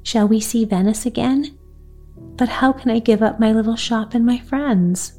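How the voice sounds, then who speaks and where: A woman voicing a sweet, gentle little girl who speaks eagerly in a bedtime storybook. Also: fairly high pitch, normal speed, soft background music.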